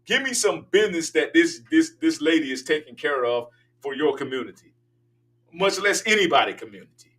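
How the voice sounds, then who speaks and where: Fired-up older man, bright voice. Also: fairly high pitch, very animated, fairly quick, far from the mic. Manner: emphatic, ranting, preachy. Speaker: political talk show host. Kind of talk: opinionated monologue.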